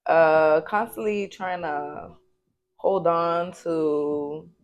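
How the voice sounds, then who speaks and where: Woman co-host, very low voice, reflective, casual chat. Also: extremely slow, lo-fi sound. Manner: supportive listener, reflective. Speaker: podcast co-host.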